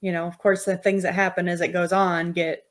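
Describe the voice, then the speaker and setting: A woman with a somewhat low voice, co-hosting a casual podcast. She explains points in an even, measured way between easygoing chat. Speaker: podcast co-host.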